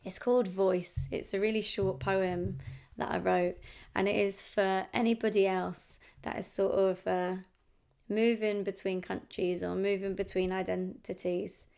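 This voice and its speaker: A woman with an English accent reads poetry in an even, fairly level voice that stays in a middle pitch. Between poems she chats casually and reflectively, setting each piece up without hurry. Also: creaky. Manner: reflective, unhurried delivery with casual asides. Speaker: poet. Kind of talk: poetry reading with chatty introductions.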